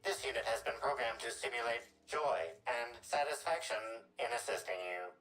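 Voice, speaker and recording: A man playing a prim, by-the-book talking gadget from a video game, stating everything in stiff, formal sentences. The voice sits at an ordinary middle pitch and sounds set back from the mic. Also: animated, moderate pace, a bit bright, distant mic, natural voice, low-quality recording. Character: prim, rule-bound talking investigation gadget.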